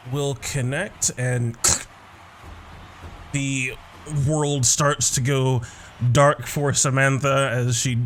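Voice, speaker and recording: Give me a slow-speaking man narrating his character in a tabletop game. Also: mid-range voice, flat delivery, fairly bright tone. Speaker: player.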